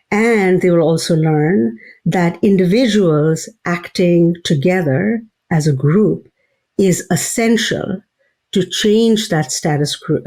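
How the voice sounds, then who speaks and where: Slow, measured woman professor. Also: lowish voice, dark tone. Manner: thoughtful, measured, many fillers and restarts. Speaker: psychology professor and author, guest. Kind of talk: interview answers.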